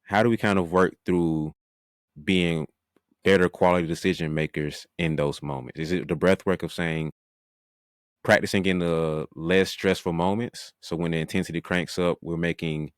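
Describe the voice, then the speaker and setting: A man hosts a podcast interview and asks measured, thoughtful questions. His voice is very low. The sound is dry, with no room echo. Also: steady tone, clean tone. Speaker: podcast host.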